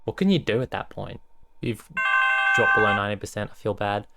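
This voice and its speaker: A man streaming a game, swearing casually, reading aloud and thinking out loud. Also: on the low side, a little fast, creaky, heavy background noise. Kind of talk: casual let's-play commentary. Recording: game music playing behind.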